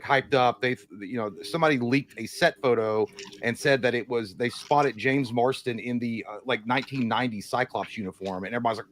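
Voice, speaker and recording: A man's voice: mid-range voice, slight background noise. A man co-hosting a casual movie livestream, rambling and joking, sometimes reading an article aloud over a video call. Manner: rambling, jokey, reads news aloud. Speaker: podcast co-host.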